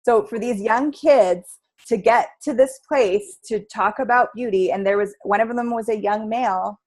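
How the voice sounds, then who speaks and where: A woman's voice: fairly high pitch, normal speed. A woman guest in a casual interview, describing the workshops she facilitates in an enthusiastic, heartfelt way. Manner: enthusiastic, heartfelt, with frequent "like" fillers.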